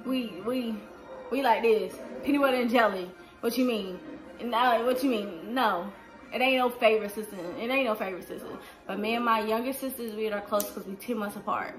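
Seorang wanita berusia dua puluhan menjawab pertanyaan penonton dengan santai di rumah, sering memakai "like" dan "um". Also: female voice, a little high, fairly quick, music in the background. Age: 20s. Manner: chatty, fills with "like" and "um". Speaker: vlogger. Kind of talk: casual Q&A vlog. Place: indoors at home.

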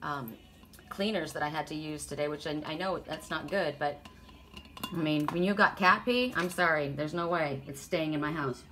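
A woman's voice: deep voice, normal speed, bright, forceful tone, soft background music. A woman with a sore throat giving a casual, rambling oracle card reading, stressing her points with many restarts.

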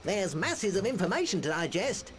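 A woman's voice: mid-range voice, sing-song, normal speed, natural voice. A woman voicing an eager boy guide character in a children's game, chirpy and instructive. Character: cheerful pirate-gear boy guide character. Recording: game music under the voice.

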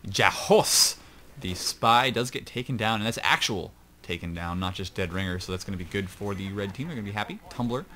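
Low-voiced rambling male game caster. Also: quick pace, hardly any pauses, bright, forceful tone, a little hiss or hum. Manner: rambling, chatty, self-mocking asides. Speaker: esports shoutcaster. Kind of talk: casual play-by-play game commentary.

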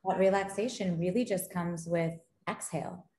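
Woman, low voice, lively storyteller, casual interview guest, echoey room. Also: moderate pace. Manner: animated storyteller, laughs often. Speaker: gaming company founder, guest. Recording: roomy echo.

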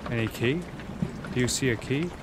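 A man giving excitable, jokey let's-play commentary as a gaming streamer. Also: medium pitch, normal speed, heavy background noise.

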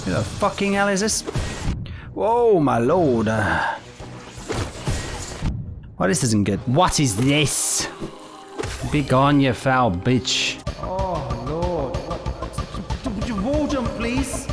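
Man, let's-play commentator, profane, excitable, slow-talking, fairly high voice. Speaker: gaming YouTuber. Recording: game music playing loudly underneath.

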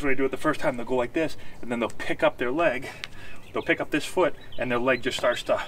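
Slightly winded, a mid-range-voiced man demonstrates baseball hitting technique, talking viewers through the moves and making sure they keep up. Audio is from a faraway outdoor camera, carrying faint ambience and a little background noise.

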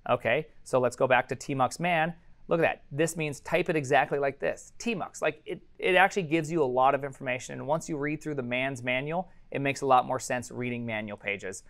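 A man teaching a programming course, live-coding while thinking aloud, energetic and prone to sudden excited exclamations. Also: mid-range voice, a little fast.

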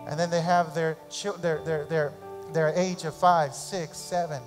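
A man preaching a sermon as pastor in a church, animated and repeating phrases for emphasis, sometimes acting out parents' voices. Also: fairly high pitch, big-room sound, soft background music. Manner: acts out parents' voices in quick asides. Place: church sanctuary.

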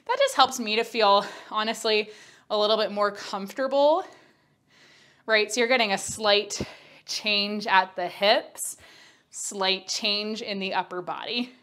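A woman's voice: mid-range voice, unhurried, a bit bright. Breathless woman coaching a workout. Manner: breathless, chatty, candid. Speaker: Pilates instructor. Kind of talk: workout instruction.

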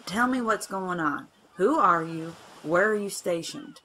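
A man voicing a calm, commanding woman soldier who asks pointed questions. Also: high voice, measured pace, slight background noise, pitched above the performer's own voice, full character voice, poor audio. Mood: urgent firm. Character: calm, firm female soldier.

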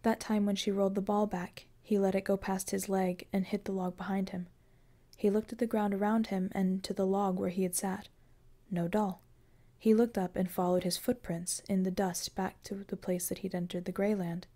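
Mellow-voiced woman narrating fiction. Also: mid-range voice, flat delivery, normal speed. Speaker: audiobook narrator.

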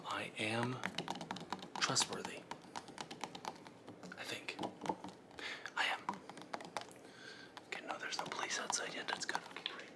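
A man doing comedic whispered role-play as an intruder, nervous and stammering, whispering frantically and often breaking into loud hissed commands. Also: on the low side, steady tone, moderate pace, long pauses. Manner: flustered, stammering, repeats himself. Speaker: ASMR creator.

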